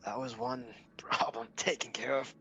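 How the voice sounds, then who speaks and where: A man in a tabletop game talking slowly and hesitantly, often laughing. His voice is bright and gravelly, with a faint noise behind him. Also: high-pitched, very animated. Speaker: player. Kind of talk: casual tabletop role-play.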